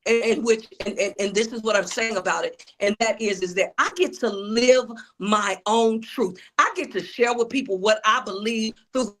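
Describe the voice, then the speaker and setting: In a mid-range, fairly bright voice, a woman speaks at a moderate pace with hardly any pauses. She's an author and preacher sharing her story in preachy, testimony-style interview talk, calling out to the crowd and saying "y'all."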